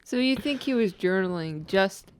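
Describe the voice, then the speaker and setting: A comedy podcast co-host who keeps up casual banter. The delivery is deadpan, but the pitch moves around a lot, and the voice sits in a middle range. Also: moderate pace.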